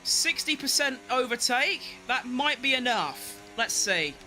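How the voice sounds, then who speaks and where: A young man giving excitable live commentary on his own racing game, talking to himself and chanting while he drives. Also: extremely high pitch, unhurried, a little hiss or hum. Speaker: gaming streamer.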